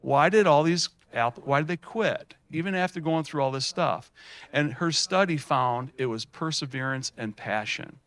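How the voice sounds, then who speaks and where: A middle-aged man giving a folksy, animated keynote at a student showcase, telling stories with many fillers and restarts. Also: fairly high pitch, moderate pace. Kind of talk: storytelling keynote speech.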